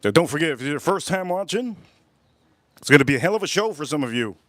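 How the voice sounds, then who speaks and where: A man's voice: fairly high pitch, sing-song, quick pace, a bit bright, no echo. Rambling, profane middle-aged man. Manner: rambling, profane, repeats himself. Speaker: cooking livestream host. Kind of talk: casual live cooking chat and storytelling.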